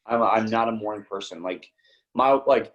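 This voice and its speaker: A man talking bluntly with lots of swearing on a casual podcast, telling stories in a lively way. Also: fairly low pitch, normal speed, lo-fi sound, a little hiss or hum. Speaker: podcast guest.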